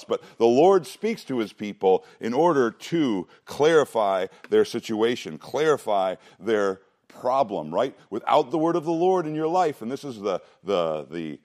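Male preacher, mid pitch, earnest and emphatic, asks the room questions and stumbles on restarts. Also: expressive, normal speed, few pauses, a little mellow. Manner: repeats words at restarts. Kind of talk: sermon.

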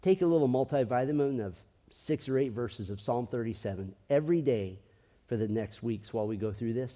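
A man's voice: mid-range voice, fairly quick, mellow. A man preaching a sermon as pastor, earnest and conversational, with frequent restarts, ending in a prayer. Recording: long hall reverb.

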